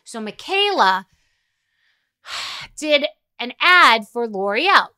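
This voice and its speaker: A woman's voice: a little high, clear, resonant tone. A middle-aged woman hosting a podcast, talking bluntly and casually with frequent swearing. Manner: blunt, profane, rapid and animated. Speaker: podcast host. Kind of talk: casual monologue.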